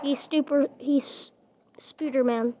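A woman's voice: high voice, steady tone, slow, mellow, lo-fi sound, slight background noise. A woman giving casual, playful gameplay commentary, teasing and chatting to the characters in her game. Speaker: gaming video host.

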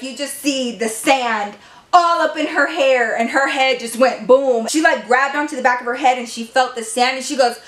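Young woman vlogger, kinda high voice, chatty and dramatic, echoey room. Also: fairly bright tone, a little hiss or hum. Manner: chatty, dramatic, heavy "like" filler and swearing. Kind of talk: casual storytime.

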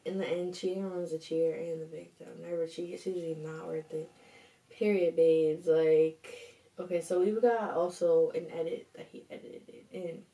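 A woman's voice: lowish voice, flat delivery, moderate pace, dark tone, recorded from a distance. A young woman hosting a casual storytime, reading a viewer's story aloud and breaking in with sassy slang reactions. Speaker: host reading viewer stories. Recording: roomy echo, a bit off-mic.

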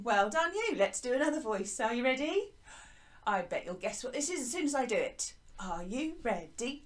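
An English woman teaching a bright, encouraging music lesson to young children from a small hut, speaking into a desk microphone. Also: a little high, sing-song, moderate pace. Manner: bright, encouraging, sing-song teacher talk. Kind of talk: lively online children's lesson. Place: small garden hut classroom. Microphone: desk microphone by laptop.

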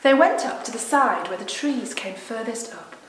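A woman leads a children's Sunday school class, reading a storybook aloud gently and with expression. Her voice sits a little high. The room around her gives a noticeable echo. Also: expressive, moderate pace, slight background noise.

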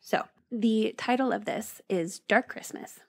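A woman's voice: measured pace, gravelly. A woman co-hosting a podcast, casually retelling a ghost story and lifting her voice for the quoted lines. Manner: reads story aloud, voices quoted lines with raised pitch. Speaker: podcast co-host.

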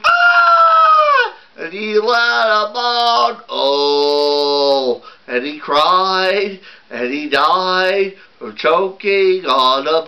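A man's voice: fairly high pitch, sharp tone, full character voice, low-quality recording. A man voicing a bossy, showy young girl puppet, singing in a puppet musical.

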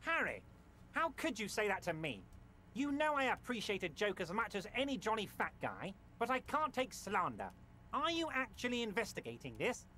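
Jolly, all-knowing fat union boss. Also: male voice, sits high, huge pitch swings, moderate pace, sharp tone, slight background noise, heavily acted. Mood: wounded. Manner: jovial, coaxing, theatrical. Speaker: game character.

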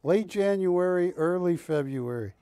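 His voice sits high and smooth, delivered at a measured pace with no echo. On a live shopping broadcast, this host pitches art in a lively, joking way and likes to tease his co-hosts.

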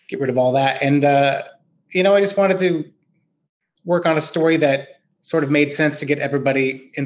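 A man talks through his work in a thoughtful, meandering way, his voice sitting a bit high. The video call audio is dull and lo-fi. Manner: thoughtful, rambling with fillers. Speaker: writer guest. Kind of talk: conversational interview answer.

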